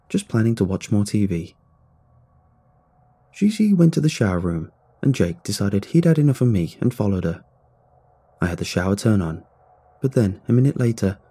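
Husky low-voiced man telling horror. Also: mellow. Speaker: narrator. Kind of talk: scripted horror story narration.

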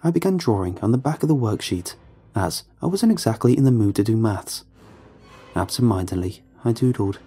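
A man tells a first-person horror story, calm and measured throughout. His voice is low and mellow with a husky grain. Faint music runs under him.

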